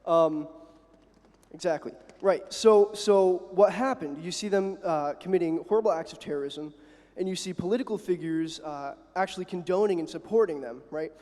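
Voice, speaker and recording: A man's voice: high-pitched, dark tone. Filler-heavy man in an echoing hall. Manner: halting, many fillers, tags "right?". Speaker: student debate speaker. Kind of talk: debate floor speech. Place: university hall. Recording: long hall reverb.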